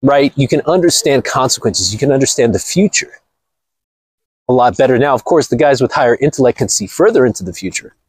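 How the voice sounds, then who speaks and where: A man's voice: medium pitch, expressive, fairly quick, husky, dry recording. A man hosting his own channel in a casual, rambling monologue, blunt and cursing casually. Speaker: channel host.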